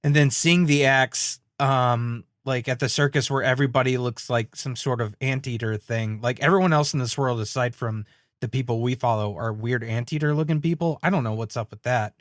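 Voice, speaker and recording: A man co-hosting a cartoon podcast in casual chat, animated, acting out quotes and laughing often. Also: mid-range voice, a little fast, dry recording, clean studio sound. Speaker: podcast co-host.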